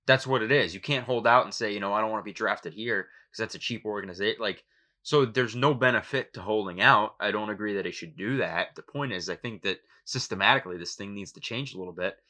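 A man's voice: lowish voice, a little fast, sharp tone. A man co-hosting a sports podcast, giving opinionated, emphatic casual talk with some swearing. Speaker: podcast co-host.

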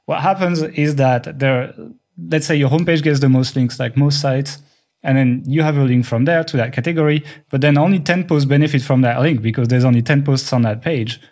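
A man's voice: medium pitch, a little mellow. A man with a French accent, a non-native English speaker co-hosting a podcast, explaining at length in casual chat. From France. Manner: rapid talker who explains at length. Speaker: podcast co-host.

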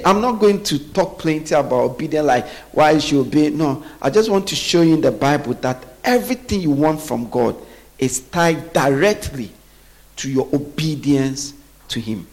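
A man preaching a sermon, often pausing so the congregation can finish his sentences. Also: fairly high pitch, lively intonation, a little mellow. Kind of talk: sermon with call-and-response.

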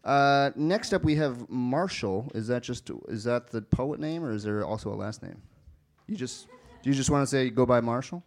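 A man's voice: mid-range voice, animated, normal speed. A man hosting a poetry open mic, casual and chatty with frequent fillers. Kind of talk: live event hosting.

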